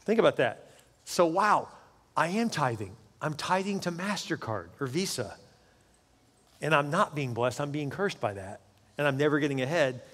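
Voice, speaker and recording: Pastor preaching in a reverberant hall. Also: male voice, a little high, animated, moderate pace, fairly bright tone, slightly rough. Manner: conversational, joking storyteller. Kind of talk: sermon.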